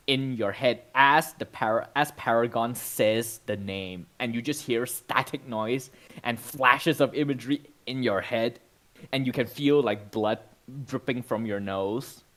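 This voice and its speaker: Male game master, mid-pitched, casual descriptive narration. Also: unhurried, a bit bright, poor audio. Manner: casual, descriptive, full of fillers like "sort of, like".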